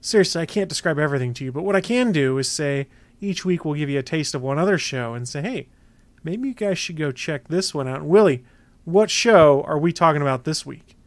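A man's voice: on the high side, lively intonation, brisk, no room sound. Easygoing man hosting a podcast. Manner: easygoing, runs the segments. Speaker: podcast host. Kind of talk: casual chat and show promos.

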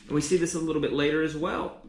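A man's voice: fairly high pitch, steady tone, fast talker, reverberant. A man preaching a teaching sermon, often repeating and restarting words.

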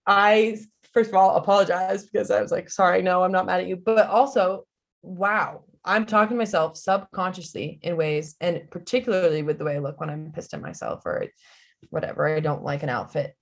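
A woman's voice: lowish voice, normal speed, gravelly. A woman guest on a podcast, talking frankly and earnestly in casual chat.

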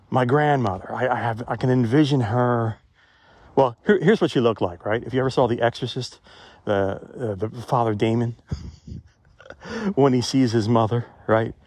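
A man's voice: medium pitch, a little mellow, no room sound. Musing man vlogging on a phone outdoors. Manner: rambling, conversational, musing. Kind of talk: reflective walking vlog. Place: outdoors in a cemetery. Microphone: phone held while walking.

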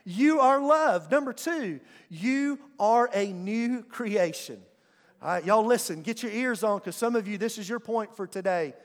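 A pastor with a high, animated voice preaches at an unhurried pace, speaking emphatically and calling on the congregation to answer him. He is in a church sanctuary, and the recording carries the long reverb of a church hall.

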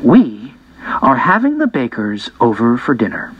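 A man's voice: medium pitch, wildly swooping pitch, measured pace, slightly rough, dull audio, heavily acted. A man voicing a firm but caring middle-aged mother in an audiobook. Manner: firm, then gentle and concerned.

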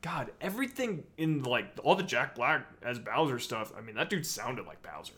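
A man's voice: medium pitch, sing-song, moderate pace, fairly bright tone. A man co-hosting a podcast, chatting in a rambling, crude, joking way with lots of fillers and laughs. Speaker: podcast co-host. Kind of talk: casual podcast banter.

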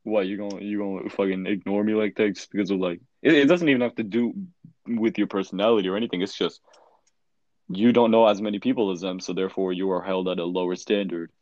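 A teenage student in casual chat who talks bluntly and profanely, stumbling through restarts. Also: male voice, on the low side, fairly even intonation, quick pace, a little mellow, no echo. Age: teens. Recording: slightly dull lo-fi sound.

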